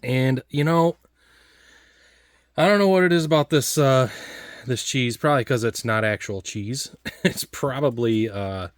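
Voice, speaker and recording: In clean, echo-free studio sound, a mid-range male voice talks casually through a taste test of old food. The food reviewer rambles, stalls and restarts constantly, full of fillers.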